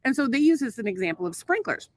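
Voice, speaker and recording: A woman's voice: on the high side, very animated, racing, no room sound. A woman co-hosting a casual podcast, talking with lots of swearing and filler ums in an exasperated way. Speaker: podcast co-host. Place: outdoors at a home pool.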